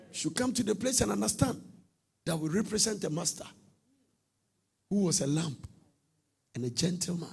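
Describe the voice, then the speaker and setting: A middle-aged man preaching a sermon, swinging from soft, low talk to shouted, sing-song bursts. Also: lively intonation, moderate pace, vocal fry, pauses often, slightly rough.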